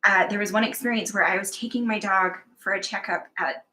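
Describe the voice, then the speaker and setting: A woman's voice: medium pitch, fairly even intonation, fairly quick, pushed and bright, poor audio. A woman working as a psychic medium, telling her experiences in a candid, chatty, self-mocking way as a guest. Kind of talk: casual conversational storytelling.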